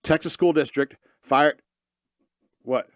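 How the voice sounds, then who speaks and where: A man's voice: on the high side, slow pace, a bit bright, no echo, clean studio sound. A man hosting a casual talk radio show, reading news stories aloud with sarcastic asides. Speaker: podcast host reading news.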